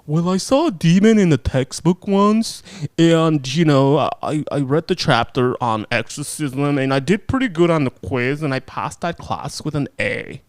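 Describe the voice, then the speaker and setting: A man's voice: a little high, animated, moderate pace, no room sound. A man mocking a green, smug young priest. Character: young male priest, cocky, green, bookish.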